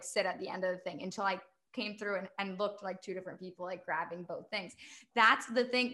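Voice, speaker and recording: A young woman, a podcast guest, telling stories in a chatty, animated way and laughing often. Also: mid-range voice. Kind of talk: casual podcast chat.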